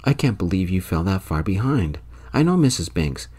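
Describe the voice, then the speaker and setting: A man playing a responsible young older brother in a soft-spoken whispered role-play, firm and earnest. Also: low-pitched, sing-song, moderate pace, husky, heavily acted.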